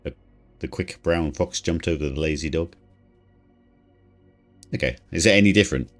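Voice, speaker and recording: A man's voice: rumbling low, normal speed. A man streaming a video game, playful and mumbling, with game music playing behind him. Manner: playful, mumbling, self-mocking. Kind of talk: casual gameplay commentary. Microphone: standing desk mic.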